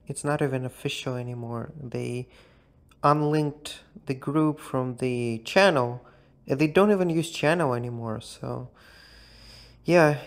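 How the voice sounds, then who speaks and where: A group chat member talking casually in a voice message, explaining things in an unhurried, offhand way. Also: mid-range voice.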